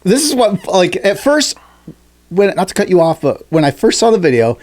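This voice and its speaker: A man co-hosting a casual podcast chat, swearing freely and acting out people he talks about in shrill mock voices. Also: moderate pace. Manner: animated, swearing, acts out high-pitched shrieking quotes. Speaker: podcast co-host.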